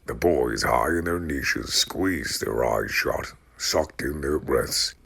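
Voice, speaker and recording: A man narrating an audiobook with a slow, deliberate, dramatic reading. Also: a bass voice, animated, gravelly, a bit bright, husky.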